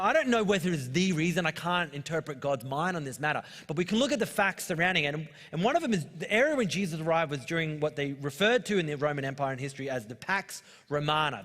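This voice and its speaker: The sermon comes from an Australian man in his thirties, a pastor whose fairly high voice has a fairly bright tone. He jokes casually with the congregation and recounts personal stories, all echoing with the long hall reverb of a church auditorium.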